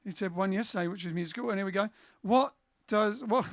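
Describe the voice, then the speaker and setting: A man's voice: high voice, fast talker, dry recording, studio quality. Chatty man hosting a music livestream. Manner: chatty, jokey, reads viewer comments. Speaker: band singer and livestream host. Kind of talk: casual chat and jazz singing. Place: indoors, home livestream. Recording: music playing loud behind the voice. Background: band music.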